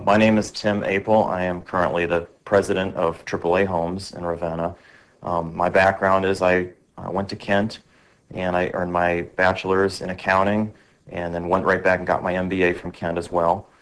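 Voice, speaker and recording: Ohio guy, super deep flat voice, steady plain intro. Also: moderate pace. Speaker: company president. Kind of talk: self-introduction.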